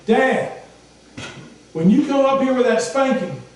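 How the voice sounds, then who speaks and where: A man's voice: extremely high pitch, lively intonation, measured pace, a little mellow, a little hiss or hum, voice pushed up. A male preacher voicing a persistent little boy who keeps begging from his bed, pleading over and over. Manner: pleading, repeated requests. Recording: echoey hall from far off.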